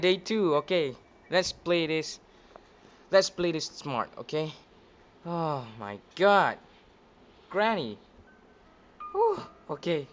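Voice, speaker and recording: A male gaming video host giving casual let's-play commentary, jumpy and excitable, yelping when scared. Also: fairly high pitch. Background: game music.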